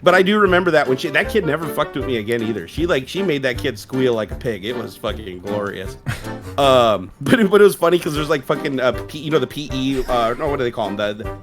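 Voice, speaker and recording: A man telling a profane childhood story on a casual live stream, laughing often and animated. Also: medium pitch.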